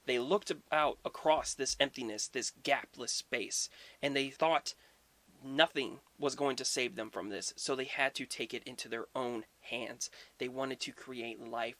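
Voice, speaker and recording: A man's voice: mid-range voice, fairly bright tone, dry recording. A man casually retelling myths as a history video host, informal and conversational with some swearing. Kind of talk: casual storytelling.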